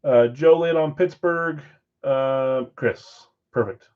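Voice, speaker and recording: A man hosting a live-stream card break, briskly calling out names and assignments with chatty asides in between. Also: mid-range voice, narrow, tinny audio. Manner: brisk name-and-team roll call with chatty asides. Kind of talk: casual live-stream roll call.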